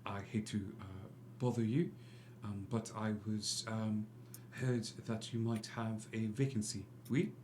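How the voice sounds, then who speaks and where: A man putting on a soft, courtly Frenchman. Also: fairly low pitch, level tone, measured pace, echoey room, a little hiss or hum, lightly acted. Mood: smooth, courteous. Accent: put-on French. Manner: courtly, hesitant, soft-spoken. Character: suave scheming Frenchman, theatre agent.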